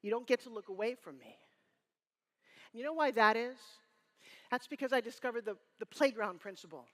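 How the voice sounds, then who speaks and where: A woman in her fifties giving a live motivational keynote on stage, energetic and teasing, rallying the crowd with call-and-response. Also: on the high side, normal speed. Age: 50s. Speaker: motivational speaker. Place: stage before a live audience in a hall. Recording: room reverb.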